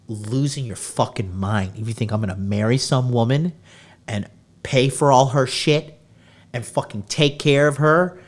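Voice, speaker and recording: A man hosting a podcast, ranting brashly and swearing constantly as he lectures his listeners on dating. His voice sits at an ordinary middle pitch for a man. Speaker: podcast host. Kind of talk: profane dating-advice rant.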